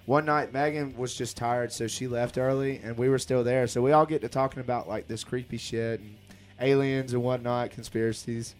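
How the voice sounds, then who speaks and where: A man's voice: mid-range voice, fairly even intonation, moderate pace, soft background music. A man casually telling a ghost story on a podcast, laid-back and joking, with plenty of swearing.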